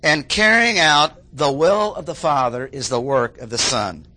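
A man preaching an expository sermon, repeating key phrases for emphasis and often clearing his throat. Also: fairly high pitch, unhurried, sharp tone.

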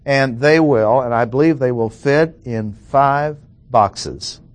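A middle-aged man teaching through scripture at an unhurried, measured pace, with a mid-range voice. He works through the text point by point and repeats key phrases so they land. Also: medium pitch. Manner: slow, deliberate, repeats key phrases for emphasis. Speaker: Bible teacher. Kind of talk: expository Bible lesson.

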